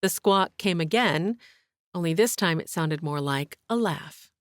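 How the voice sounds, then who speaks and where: A woman narrates an audiobook with steady, even storytelling. Her voice sits low and the recording is close and very dry, with no room sound. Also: measured pace, no room sound. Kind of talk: scripted narration.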